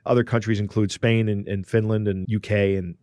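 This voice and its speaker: A man's voice: fairly low pitch, little pitch movement, fairly quick, darkish tone, no echo, clean studio sound. Conversational man explaining a story. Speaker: podcast co-host. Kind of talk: casual chat explaining a story.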